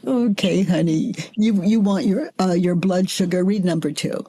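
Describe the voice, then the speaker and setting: An older woman facilitating a self-inquiry dialogue, gently coaxing her guest and calling her honey. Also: fairly low pitch, husky. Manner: gentle, slow, coaxing with endearments.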